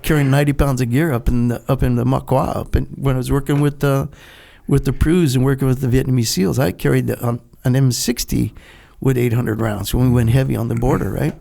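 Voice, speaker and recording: An older man, a retired Navy veteran, telling a lively story in a podcast interview, acting out the dialogue and laughing often. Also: medium pitch, a little fast, vocal fry, few pauses. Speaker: guest, retired Navy SEAL.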